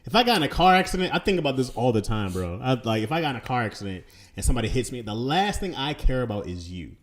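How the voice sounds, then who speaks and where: Man, casual podcast chat, quick, animated, jokey storyteller. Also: medium pitch. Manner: joking, acts out quoted dialogue. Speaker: podcast co-host.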